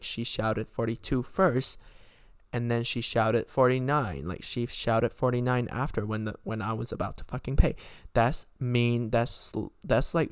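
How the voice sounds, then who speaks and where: A young man rants through a casual storytime, piling on fillers and curses as his disbelief spills out. His voice sits at a middling pitch and comes across smooth and clear. The recording is dry and close. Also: no echo. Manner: rambling, heavy filler words, frequent swearing; exasperated, incredulous. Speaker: podcast host.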